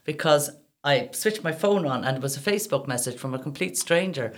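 An Irish woman telling a story in a casual chat, animated and swearing freely. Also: low-pitched, a little fast. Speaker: guest.

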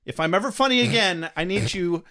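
A man's voice: high voice, fairly quick, bright, forceful tone. A man co-hosting a comedy podcast, bantering casually in a sarcastic tone. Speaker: podcast co-host.

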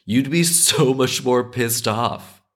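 A man's voice: medium pitch, slow pace, fairly bright tone. A man reading a fairy tale aloud and breaking off into sarcastic, joking tangents, while recovering from an illness. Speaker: storyteller and podcast host.

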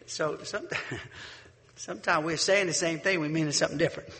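A middle-aged man preaching a sermon, asking the congregation rhetorical questions and telling stories in a lively, conversational way. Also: on the high side, normal speed, big-room sound. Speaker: pastor.

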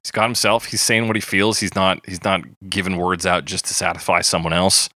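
A man co-hosting a podcast, chatting casually and playfully about music with quick jokes. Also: deep voice, level tone, pushed and bright, no echo, studio quality. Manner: joking, playful, quick asides. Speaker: podcast co-host.

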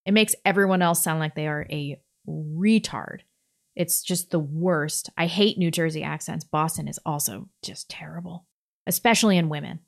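Female co-host from Missouri, very low voice, blunt and opinionated. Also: moderate pace, creaky. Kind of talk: casual chat.

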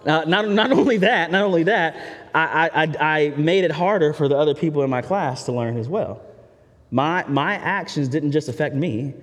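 A man's voice: on the high side, normal speed. A man preaching a sermon in a candid, conversational way, often turning to the listeners with asides. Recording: reverberant hall.

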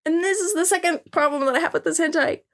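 A woman's voice: extremely high pitch, fast. A young woman hosting a podcast, giving a crude, sarcastic and giggly recap of a cartoon. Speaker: podcast host. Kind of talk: casual comedic recap.

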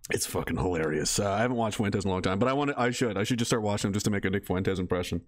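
A man's voice: on the low side, very fast. A man chatting casually on a live stream, rambling, swearing freely and reading viewer messages aloud. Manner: rambling, profane, laughing, reads chat aloud.

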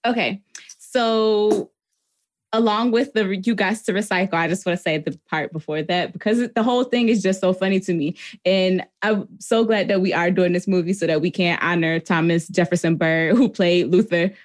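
A woman's voice: lowish voice, normal speed. A woman co-hosting a casual movie chat podcast, laughing often and acting out quotes. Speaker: podcast co-host.

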